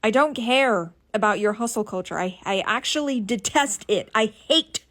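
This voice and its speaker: A woman's voice: mid-range voice, animated, moderate pace, fairly bright tone. A woman giving a defiant, emphatic monologue to camera.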